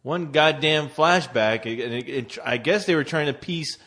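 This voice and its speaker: A man's voice: a little high, unhurried, sharp tone. A man hosting a casual movie review podcast, mock-outraged and laughing as he talks. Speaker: podcast host.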